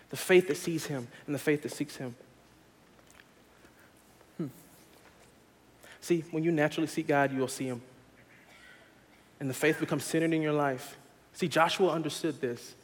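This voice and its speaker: Young man, pastor, sermon, slightly high voice, long church reverb. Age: young adult. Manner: earnest preaching that builds to loud laughing storytelling.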